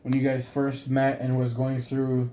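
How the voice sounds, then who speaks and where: Young adult man, casual podcast interviewer; unsure and filler-heavy, warm mellow mid voice. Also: mid-range voice, completely flat delivery, measured pace, a little hiss or hum, poor audio. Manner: hesitant, many fillers. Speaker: student interviewer.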